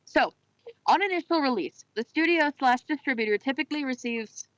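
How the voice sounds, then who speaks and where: A woman's voice: high voice, lively intonation, brisk, fairly bright tone, no room sound, poor audio. A woman co-hosting a casual chat show, rambling and correcting herself, slipping into a put-on Irish lilt. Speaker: podcast co-host.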